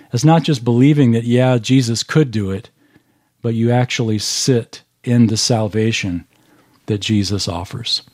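Warm, mellow-voiced pastor preaching conversationally. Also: male voice, mid-range voice, no echo, clean studio sound. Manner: conversational and folksy, with homely examples; explains patiently with restarts and emphasis. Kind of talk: sermon.

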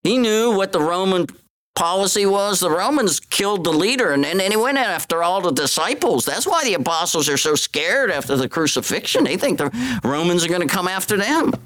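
Male preacher, animated sermon delivery, slips into voices for the people he quotes. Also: high voice, brisk. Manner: animated, acts out voices of Bible figures in quotes.

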